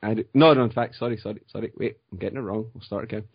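A man's voice: lowish voice, quick pace, vocal fry, breathy edge, no room sound, highs cut off. A Scottish man chatting casually as a guest, laughing often and rambling through his stories. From Scotland. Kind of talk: casual chat.

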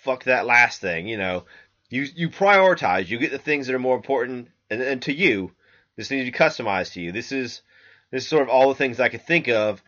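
A man hosts a podcast in a loose, profane monologue, full of fillers and restarts. His voice is bright and sharp, at a middling pitch. The sound is dull and lo-fi, recorded on a laptop microphone. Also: expressive, brisk. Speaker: podcast host. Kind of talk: casual rambling monologue.

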